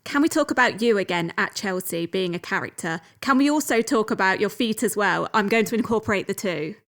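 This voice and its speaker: A woman hosts the interview, putting her prepared questions to the guest in a friendly, easy way. Her voice sits at a middle pitch. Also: brisk, a bit bright. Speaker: interviewer, host.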